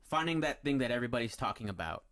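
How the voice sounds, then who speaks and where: A man's voice: medium pitch, expressive, rapid-fire, a bit bright. A man hosting a podcast, chatting casually and rambling through a story with lots of fillers and restarts. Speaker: podcast host. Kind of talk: casual chat.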